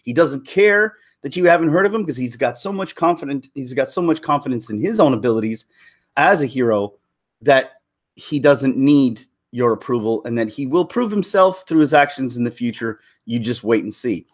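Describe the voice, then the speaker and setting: A man's voice: lively intonation, moderate pace. Rambling male movie commentator. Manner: rambling, self-interrupting, laughs often, mimics characters in a high voice. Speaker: YouTuber. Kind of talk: casual commentary.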